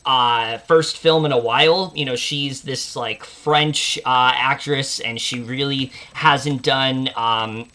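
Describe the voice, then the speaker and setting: Young guy hosting a movie preview, bright voice, lots of uh and like, excited. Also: mid-range voice, slow, few pauses. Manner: enthusiastic, many fillers like "uh" and "like". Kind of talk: casual film chat.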